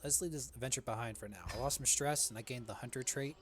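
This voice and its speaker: A man's voice: medium pitch, fast talker, background noise. A young man giving casual, joking gameplay commentary and calling everyone "bro" in slang. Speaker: let's play gamer.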